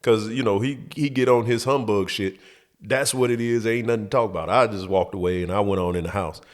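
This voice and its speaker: A man's voice: fairly low pitch, brisk. A middle-aged man hosting his show, telling a comic story in a loose, profane, laid-back way. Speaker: host.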